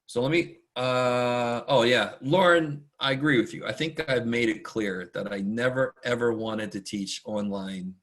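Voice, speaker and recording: A man teaching a math class online in a casual, chatty, rambling way, often talking fast and poking fun at himself. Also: mid-range voice, a bit bright. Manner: chatty, rambling and self-deprecating; talks fast much of the time. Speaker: math instructor. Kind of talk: casual online lecture to students.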